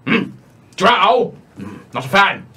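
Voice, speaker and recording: A man's voice: wildly swooping pitch, slow pace, bright, forceful tone, slight background noise, heavily acted. Man voicing a boastful floating eye monster. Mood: grandiose, indignant. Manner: booming, indignant, theatrical. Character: boastful floating eyeball monster, male, paranoid and grandiose.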